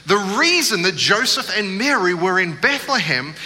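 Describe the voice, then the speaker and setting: A pastor tells a funny story from the pulpit in a lively way. His voice sits a little high and sounds very bright. It echoes through a church hall over a faint hum. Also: moderate pace. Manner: humorous storytelling, animated. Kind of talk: sermon.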